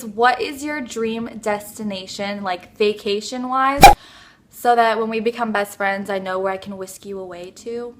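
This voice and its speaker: Young woman vlogger, bubbly and gushing, a touch high-voiced, chatty fan-vlog delivery. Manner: bubbly, gushing, lots of "like" fillers.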